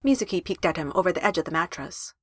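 A woman reading a story aloud in an expressive narration style with emphatic rises. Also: lowish voice, fast talker, breathy edge, dry recording, clean studio sound.

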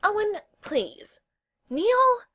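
A woman's voice: on the high side, very animated, measured pace, a bit bright, breathy edge, pitched above the performer's own voice, full character voice. A woman voicing a flustered, evasive young woman knight in a storybook reading. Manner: defensive, pleading.

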